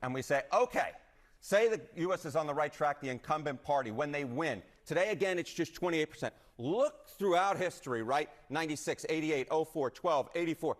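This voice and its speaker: A male news analyst breaking down poll numbers in a broadcast clip. His voice sits a bit high. He explains step by step and keeps checking in with "right?". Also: animated, a little fast. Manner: explanatory, tags points with "right?".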